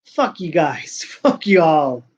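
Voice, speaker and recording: A man's voice: on the high side, big pitch swings, takes it slowly, a little mellow. A man hosting a casual talk show, ranting and rambling with lots of swearing. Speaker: podcast host. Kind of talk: casual rant. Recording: dull lo-fi sound.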